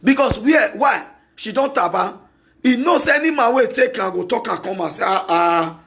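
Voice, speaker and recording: A Nigerian-accented man hosts a talk show with an opinionated solo monologue. His voice sits high for a man, and he hammers his points through repetition, at times breaking into shouts. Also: animated, moderate pace, creaky. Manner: emphatic and repetitive, with bursts of shouting.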